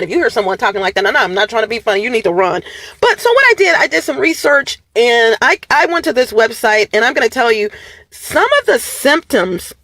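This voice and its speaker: A woman's voice: on the high side, a bit bright, no echo. A woman vlogger talking casually and animatedly to her viewers, her voice going up and down. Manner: many fillers and restarts, addresses viewers as "you guys".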